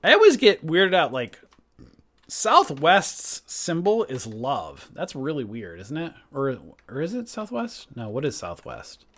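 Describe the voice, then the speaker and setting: A man's voice: a little high, wildly swooping pitch, measured pace, fairly bright tone. A man hosting a trading livestream, thinking aloud in casual talk, trailing off and correcting himself.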